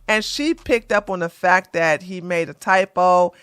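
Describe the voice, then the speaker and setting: A woman's voice: on the low side, a little slow, fairly bright tone, clear, resonant tone, no echo. A woman hosting a comedic commentary video, reading tweets aloud and answering them in a blunt, mocking way. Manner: blunt, mocking, talks straight back at the person she covers. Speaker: commentary channel host.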